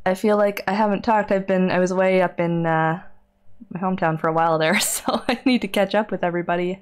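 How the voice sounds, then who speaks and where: A woman's voice: lowish voice, fast, clean tone. Chatty woman streamer who laughs often. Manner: chatty, laughs often, reads chat aloud. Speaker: streamer and librarian. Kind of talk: casual live-stream chat while gaming.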